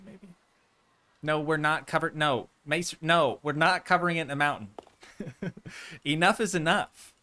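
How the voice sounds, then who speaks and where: A man's voice: on the high side, a bit bright, clear, resonant tone. A man streaming a park-building game, chatting casually and playfully with his viewers in rambling asides. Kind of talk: casual game livestream chat. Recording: faint music in background.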